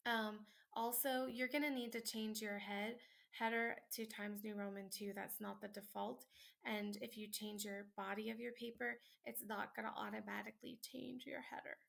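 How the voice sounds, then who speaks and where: A woman's voice: mid-range voice, little pitch movement, moderate pace, creaky, a bit bright. A tired woman instructor, talking late at night at home, walks students through a sample paper in a casual, chatty way with many ums and likes. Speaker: college instructor. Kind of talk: screen-recorded lesson walkthrough.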